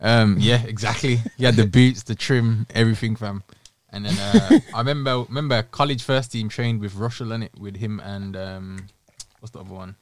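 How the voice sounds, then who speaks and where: A young man, co-hosting a casual chat, relaxed and slangy with frequent chuckles. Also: fairly low pitch, normal speed.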